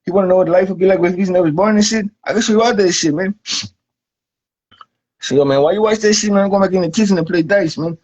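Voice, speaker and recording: A man's voice: high-pitched, quick pace, a little mellow. A man delivering a rambling, profane comic monologue, saying "man" at the end of nearly every line. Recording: dull lo-fi recording.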